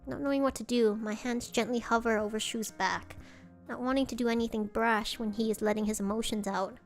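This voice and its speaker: A woman's voice: a little high, fairly even intonation, moderate pace, soft background music. A woman streamer reading a visual novel aloud, breaking off to react with dismay.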